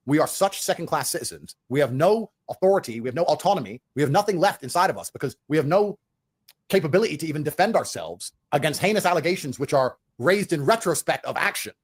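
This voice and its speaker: A man's voice: on the high side, expressive, fast, husky. A man ranting in a heated interview, profane and repetitive, hammering his points with declarations. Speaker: interview guest.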